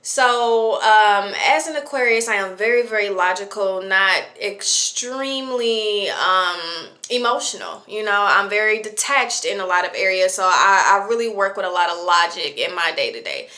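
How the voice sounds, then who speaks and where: A woman's voice: medium pitch, moderate pace, few pauses, pushed and bright. A woman in her late twenties talking casually to camera about parenting, chatty and reflective, with lots of fillers. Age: 20s. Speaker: vlogger.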